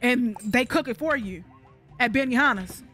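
A woman's voice: fairly high pitch, moderate pace, a bit bright, soft background music. A woman giving casual let's-play commentary, joking bluntly and sarcastically with heavy profanity and rambling asides to viewers. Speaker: gaming commentator.

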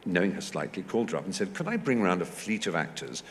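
This fifty-something Englishman, a guest speaker at a large festival hall, rattles off anecdotes at a quick pace. He's an animated storyteller who imitates what others said in squeaky high voices, and the hall recording echoes.

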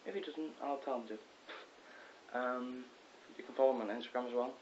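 A teenage boy vlogging from his bedroom, rambling excitedly with lots of ums and self-corrections. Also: mid-range voice, fairly quick. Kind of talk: casual rambling vlog. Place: bedroom at home. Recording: dull lo-fi with faint hiss.

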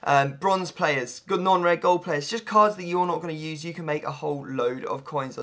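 A man giving chatty, excitable gameplay commentary, his voice hoarse and a little gravelly. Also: on the high side, brisk, few pauses. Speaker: gaming YouTuber.

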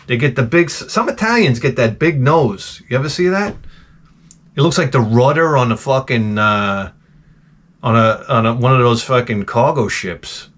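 A middle-aged man rambles through a comedic rant, blunt and foul-mouthed, cracking wise as he goes. His voice sits at an everyday middle pitch. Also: expressive, normal speed, fairly bright tone. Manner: profane, blunt, wisecracking. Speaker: retro game channel host.

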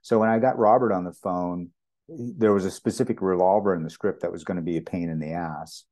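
In an interview, a guest from Canada who works as a property master tells anecdotes in a deep voice at a fairly quick clip. His storytelling is animated, with quoted dialogue acted out.

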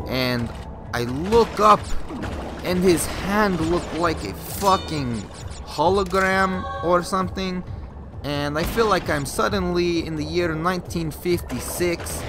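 A man vlogger telling a comic, profane story to camera, acting out the other people's lines. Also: a little high. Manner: animated, profane, acts out quotes.

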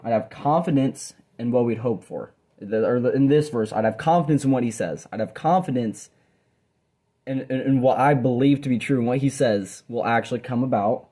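A man's voice: mid-range voice, mellow. A young man, a Bible college student, giving an earnest, rambling devotional talk from his dorm room, with frequent restarts and fillers. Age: young adult. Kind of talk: casual devotional talk to camera.

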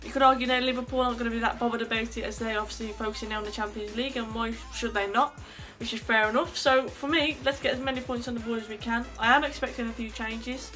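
A British woman hosting a football fan video, a little hoarse from being ill, chatty and upbeat. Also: on the high side, steady tone, quick pace, few pauses, sharp tone, soft background music. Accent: British English. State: hoarse from illness. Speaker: podcast host.

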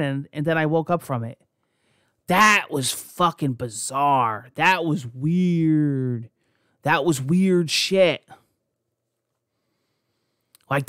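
A man's voice: on the high side, a bit bright, no echo, clean studio sound. A young man from New Jersey hosting a podcast, telling personal stories in a rambling, profane way, full of restarts. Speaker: podcast host. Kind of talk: casual personal storytelling.

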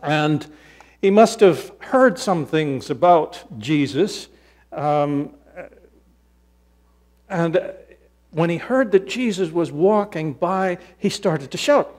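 A man preaches a storytelling sermon at an unhurried pace, with a fairly high voice. He is animated, slipping into the voices of the people in his stories. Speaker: pastor.

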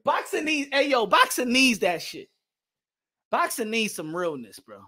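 New york guy ranting about boxing, mocking, flips between english and spanish, high bright voice. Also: sing-song, a little slow. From New York City. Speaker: boxing commentator. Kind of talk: heated rant mixing English and Spanish.

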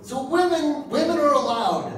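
With an extremely high-pitched, animated voice at a moderate pace, a pastor in his fifties preaches a comic sermon and plays out little conversations in different voices. Slight background noise accompanies the distant recording in a very echoey church hall.

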